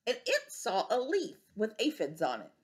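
A woman preschool teacher reading a picture book aloud to young children, gentle and expressive, asking them questions. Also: fairly high pitch, moderate pace.

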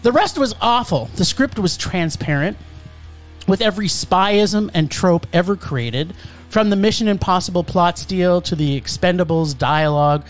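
A man's voice: high-pitched, moderate pace, faint music behind. A man reviewing a film on a podcast, sarcastic and scathing in a casual chat.

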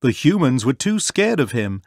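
A man in his twenties reading a children's storybook aloud in an expressive way. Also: mid-range voice, moderate pace, no echo, studio quality. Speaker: storybook reader.

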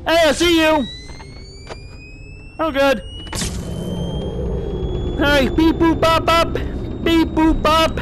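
A man voicing a nervous, goofy male frog puppet in a high, thin, nasal voice, commenting jokily and in a panic while he plays in character. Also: little pitch movement, drawn-out words, long pauses, background noise, heavily acted. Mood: scared. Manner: panicky, jokey, blurts out beep-boop noises. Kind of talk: in-character let's play commentary.

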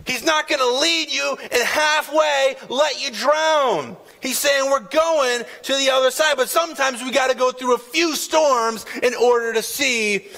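A male pastor preaching a sermon in a church, his voice pitched high and gravelly with fry. He talks emphatically, acting out the voices in the story as he goes. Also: pushed and bright. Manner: emphatic preaching with repeated "man" and acted quotes. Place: church sanctuary.

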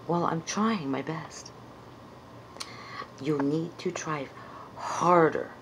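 A woman's voice: sits low, very slow, long pauses, a little hiss or hum. A woman in casual improv comedy, answering and encouraging a puppet character. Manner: encouraging, brief replies.

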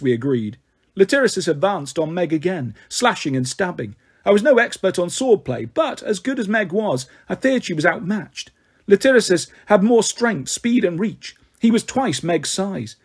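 A man narrating an audiobook with wry, dramatic flair. His voice is high-pitched and husky, with a breathy rasp. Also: animated, normal speed. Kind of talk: first-person story reading.

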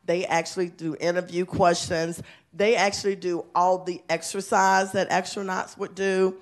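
A woman's voice: fairly low pitch, flat delivery, moderate pace. A woman school principal giving an enthusiastic, chatty award speech at a city council meeting. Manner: enthusiastic, chatty, laughing often.

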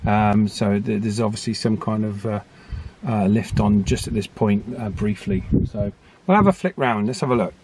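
A man's voice: fairly low pitch, normal speed, creaky. An easygoing man talks casually to his camera while out on a hilltop. He thinks aloud in a loose, chatty flow, with a faint hiss behind him. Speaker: radio hobby vlogger. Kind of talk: casual vlog narration. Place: outdoors on high ground.

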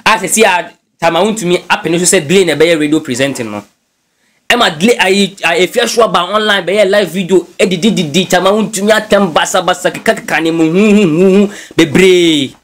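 A man with a high-pitched voice gives lively gossip commentary as a blogger. He talks in an animated, chatty way and drops English phrases in as he goes. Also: quick pace. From Ghana. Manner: animated, mixes English phrases into his talk. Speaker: news blogger.

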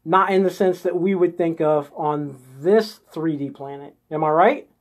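Unhurried and fairly high-pitched, this host guides a live-streamed group through an inner exercise one step at a time. He's coaxing and checks in constantly with "okay?" and "right?" as part of his spiritual coaching.

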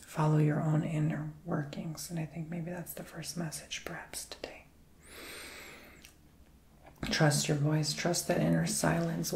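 Male ASMR healer, gravelly hushed whisper, drifting and soothing, roomy echo. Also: fairly high pitch. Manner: soft, mostly whispered, meandering and reassuring. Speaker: ASMR Reiki healer and tarot reader. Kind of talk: ASMR healing session.

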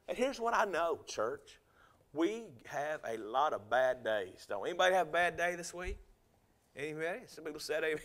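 A man preaching a sermon in church, swinging between loud emphatic rises and soft drops, and asking the congregation direct questions. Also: on the high side. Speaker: pastor.

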